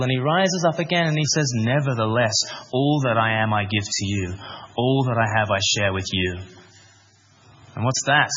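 Earnest preaching man, bright voice. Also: a little high, highs cut off, a little hiss or hum. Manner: earnest, animated preaching with rhetorical questions. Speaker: pastor. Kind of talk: sermon. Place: church.

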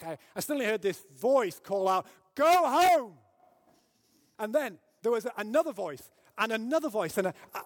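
A man from Britain preaching a sermon, telling a story and building to loud, emphatic peaks. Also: on the high side. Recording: long hall reverb.

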